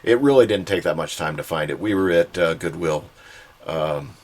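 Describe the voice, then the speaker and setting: Deep-voiced folksy man vlogging. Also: animated, normal speed, a little mellow. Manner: folksy, joking asides. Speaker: online reseller and channel host. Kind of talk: casual vlog narration. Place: home storage room.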